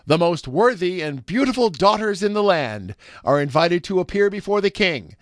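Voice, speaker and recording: A man's voice: high-pitched, very animated, normal speed, voice pushed up. A man reading a storybook aloud, voicing a royal messenger making a formal proclamation. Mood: proclaiming.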